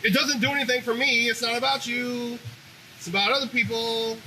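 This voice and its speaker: A man hosting a commentary show, ranting in an animated, profane opinionated monologue. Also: very high voice, brisk, slight background noise, low-quality recording.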